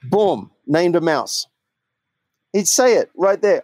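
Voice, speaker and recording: A man's voice: sits high, expressive, slow, a little mellow. A man hosting a podcast, telling candid personal stories in casual chat. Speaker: podcast host.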